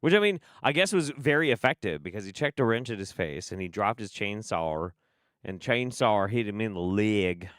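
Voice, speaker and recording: A young adult man hosting a stream, reacting in animated casual commentary, swearing and laughing often. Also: fairly low pitch, normal speed, no room sound, studio quality. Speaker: streamer host.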